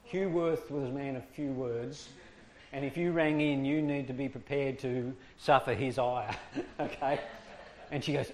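A man's voice: medium pitch, steady tone, unhurried. A man teaching a small group in a casual, demonstrative way, swinging his voice up and down to make his points. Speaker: speaker teaching discipline. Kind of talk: informal talk to a small group.

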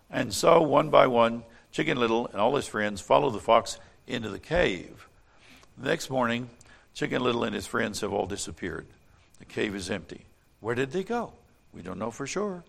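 A man reading a children's story aloud in an animated way, then speaking earnestly about faith and leading a prayer. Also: mid-range voice, normal speed, gravelly. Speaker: storyteller and preacher.

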